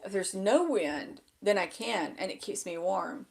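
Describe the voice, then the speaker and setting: Woman vlogger with a crackly, gravelly fry, chatting aimlessly and poking fun at herself, seated at home. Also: medium pitch, expressive, a little slow. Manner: rambling and self-deprecating, loses her train of thought. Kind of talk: casual chat to camera. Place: indoors at a table with a laptop. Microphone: small handheld microphone.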